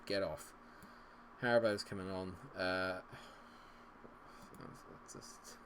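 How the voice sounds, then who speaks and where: A man's voice: low-pitched, fairly even intonation, slow pace, long pauses, fairly bright tone, a little hiss or hum. Sarcastic man commentating a game. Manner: exasperated, sarcastic, swings from grumbling to cheering. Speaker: gaming streamer.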